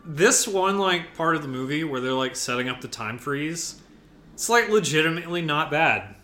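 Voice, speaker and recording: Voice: medium pitch, lively intonation, normal speed, a bit bright. A podcast co-host making sarcastic, swearing jokes while watching a film. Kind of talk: casual watch-along chat. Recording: roomy echo.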